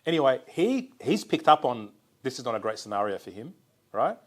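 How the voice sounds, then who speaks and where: A man co-hosting a podcast, telling lively anecdotes with laughs in casual conversation. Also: mid-range voice, brisk. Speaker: podcast co-host.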